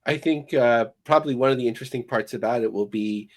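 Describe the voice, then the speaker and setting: A man of middle pitch co-hosting a casual podcast. He asks easygoing questions and works his thoughts out aloud, leaning on fillers as he goes. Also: fast. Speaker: podcast co-host.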